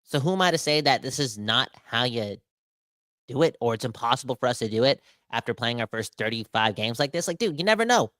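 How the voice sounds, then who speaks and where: A man hosting a sports podcast, ranting with animated, emphatic exasperation. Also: medium pitch, a little fast, dry recording, clean studio sound. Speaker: podcast host.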